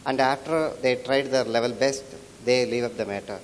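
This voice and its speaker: A man asking a question from the audience, emotional, halting and apologetic. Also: medium pitch, steady tone, slight background noise. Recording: long hall reverb with faint ambience.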